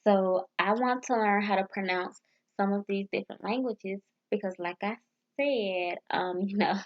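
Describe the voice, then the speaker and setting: A woman's voice: mid-range voice, normal speed, dull audio. A woman vlogger chatting casually as she practices phrases, hesitant and stumbling over foreign words. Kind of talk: casual study vlog.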